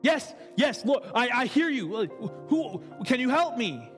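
A man's voice: extremely high pitch, very animated, a little slow, a bit bright, voice pushed up, heavily acted. A man voicing a panicked man clinging to a branch on a cliff, stammering frantic pleas. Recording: reverberant hall with faint music.

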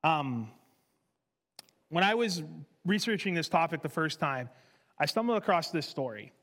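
A man preaches a casual, conversational sermon with storytelling in a church, repeating himself for emphasis. His fairly high, fairly bright voice is very animated yet unhurried, heard in a reverberant hall with faint music.

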